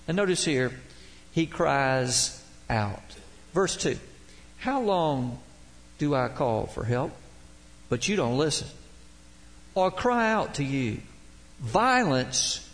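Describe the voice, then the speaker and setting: A man preaching a sermon as pastor, with dramatic swells and drops and emphatic quotations. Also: fairly high pitch.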